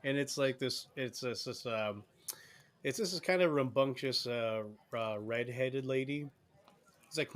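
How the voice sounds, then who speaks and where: Man, game master, casual swearing, rambling narration, mid-pitched voice. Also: moderate pace, fairly bright tone.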